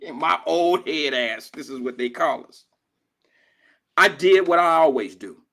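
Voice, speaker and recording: A man's voice: fairly high pitch, lively intonation, takes it slowly, creaky, a bit bright. An older man hosting a drive-time radio show, telling stories in casual, profane street slang. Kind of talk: casual talk radio monologue.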